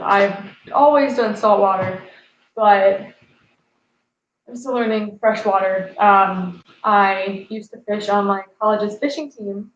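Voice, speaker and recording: A woman's voice: mid-range voice, a little hiss or hum. Chatty young woman on an echoey live stream. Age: 20s. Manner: chatty, laughs at her own jokes. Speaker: fishing channel host. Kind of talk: casual live-stream chat reading viewer comments. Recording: echoey, slightly dull live-stream audio.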